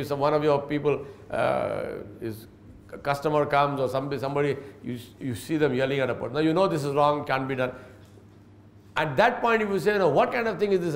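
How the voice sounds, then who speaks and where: Man teaching in a roomy hall. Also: fairly high pitch. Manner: storytelling, often slipping in Arabic phrases. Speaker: Islamic teacher. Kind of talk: religious lecture. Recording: roomy echo.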